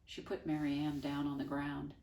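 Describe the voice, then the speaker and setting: A woman teacher reading a children's novel aloud, expressive with wry, dry asides. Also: low voice, normal speed. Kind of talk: storybook read-aloud. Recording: echoey room, voice from far off.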